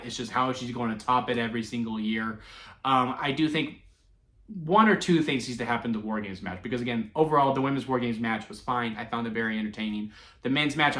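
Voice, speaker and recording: A man giving a casual solo wrestling review, chatty and animated, laughing often as he talks. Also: mid-range voice. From Texas. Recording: echoey room.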